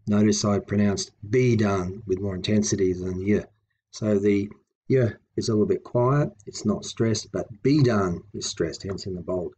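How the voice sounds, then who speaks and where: A man gives a patient, explanatory lesson, saying each example word again and again. His voice sits a little low and has a husky edge. He speaks at an unhurried, very slow pace. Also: a little mellow. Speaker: language teacher.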